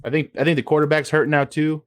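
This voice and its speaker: A man's voice: fairly high pitch, level tone, fast talker, no echo. Laid-back man running through game picks. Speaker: podcast host. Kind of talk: casual sports chat.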